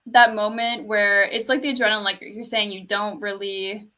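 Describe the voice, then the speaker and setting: A young woman from Canada telling a concert story in casual chat, soft-spoken, full of "like" and little laughs. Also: mid-range voice, flat delivery, normal speed, low-quality recording.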